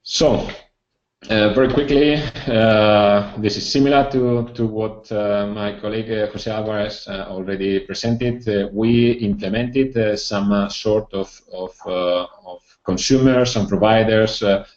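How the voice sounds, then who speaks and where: A man giving a technical presentation at a training session, halting with many filler sounds and restarts. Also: on the low side, steady tone, a little mellow. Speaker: project presenter. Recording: dull echoey room recording.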